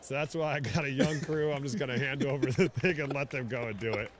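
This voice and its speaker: A man in his thirties giving casual, excitable live rugby commentary outdoors. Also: mid-range voice, quick pace, noisy background. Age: 30s. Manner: chatty, excitable, bursts into shouts on big plays.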